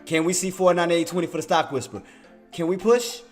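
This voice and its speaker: A man playing the hushed mystic stock whisper. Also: a little high, expressive, fast talker, faint music behind, pitched below the performer's own voice, close to an everyday voice. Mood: coaxing. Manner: soft hushed chanting. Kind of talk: whispered role-play.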